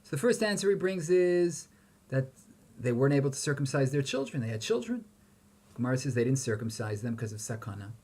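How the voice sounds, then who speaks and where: A man's voice: medium pitch, sing-song, brisk, darkish tone, husky. A man giving a Torah lecture, posing questions and chanting Hebrew verses with emphasis. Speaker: rabbi teaching Torah.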